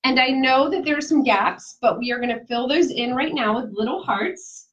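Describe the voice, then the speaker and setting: A woman's voice: sits high, normal speed, fairly bright tone. A woman giving a casual live craft demonstration, chatty, laughing easily and talking straight to her viewers. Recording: dull lo-fi sound.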